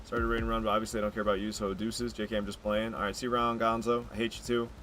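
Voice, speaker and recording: A man streaming a game with casual live commentary, getting excitable and jumping up high when surprised. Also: racing, a little hiss or hum.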